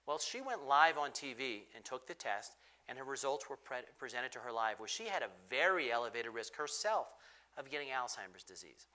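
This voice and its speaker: A man speaking as a physician on a discussion panel, explaining emphatically and moving quickly from point to point. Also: mid-range voice, expressive, pushed and bright.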